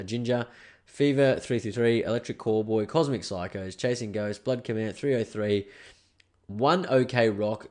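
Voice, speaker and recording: A man's voice: on the low side, a little mellow. A young Australian man hosting a podcast alone, ranting casually and swearing. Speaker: podcast host. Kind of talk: solo podcast rant.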